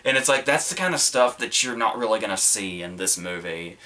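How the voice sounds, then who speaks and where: A man's voice: fairly low pitch, animated, brisk, bright, forceful tone. A young man hosting a podcast, reviewing films in a rambling, casual way with lots of fillers and restarts. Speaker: podcast host.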